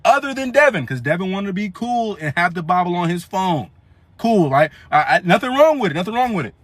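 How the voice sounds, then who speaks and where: A young man telling a comedic story in an animated, slangy, rambling way, often restarting his sentences. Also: high-pitched, fairly quick, no echo.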